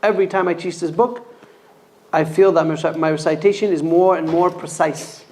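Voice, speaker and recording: A man's voice: a little high, steady tone, a little fast, darkish tone. A man teaching a Quran reading class in a mosque, sounding out letters for students to repeat. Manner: repeats letters for students to echo, stressing pronunciation. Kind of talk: classroom recitation lesson.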